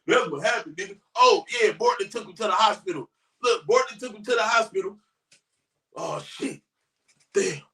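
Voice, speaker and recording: Brash high-voiced man, roomy distant sound. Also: lively intonation, moderate pace. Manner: brash, profane, often shouting. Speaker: YouTube commentator. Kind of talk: profane crime-story commentary. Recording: roomy echo, voice away from mic.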